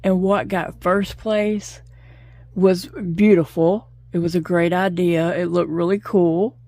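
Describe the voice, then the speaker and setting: A woman's voice: fairly low pitch, steady tone, slow pace, mellow, no echo. A middle-aged woman, chatting casually and telling stories, laughing often as she crochets at home. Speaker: crochet vlogger. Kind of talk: casual chat while crocheting.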